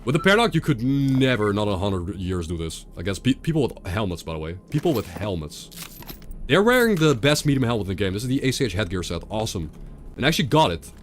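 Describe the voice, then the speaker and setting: A man's voice: on the low side, big pitch swings, quick pace, slight background noise. A young man streaming a video game, rambling and sarcastic, often repeating himself. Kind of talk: casual gameplay commentary.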